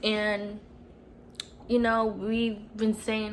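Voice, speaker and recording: A young woman in her twenties speaks to her camera at home, her voice at an ordinary middle pitch. She talks in an earnest, emotional and rambling way, filling her thoughts with "you know". A faint hiss of noise sits under the recording. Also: fairly even intonation, measured pace, long pauses, poor audio. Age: 20s. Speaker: vlogger. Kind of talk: casual personal vlog. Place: at home, TV on mute.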